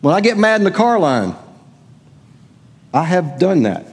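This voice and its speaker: A man's voice: high voice, sing-song, a little slow, husky. A middle-aged man preaching a sermon as pastor, conversational and asking the congregation questions. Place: church sanctuary. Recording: long hall reverb.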